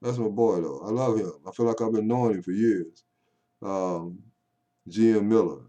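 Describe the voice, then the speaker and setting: Rambling older man, deep folksy voice. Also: normal speed, mellow. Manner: folksy and digressive, rising into call-and-response preaching. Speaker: poet vlogger. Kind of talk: rambling casual monologue to camera. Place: home.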